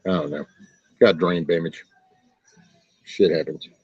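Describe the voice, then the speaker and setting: A man's voice: sits low, fairly even intonation, measured pace, a little mellow, husky, no room sound, highs cut off. A middle-aged man hosting a casual livestream, talking in a folksy, profane, ranting way. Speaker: livestream host. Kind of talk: casual rambling livestream chat.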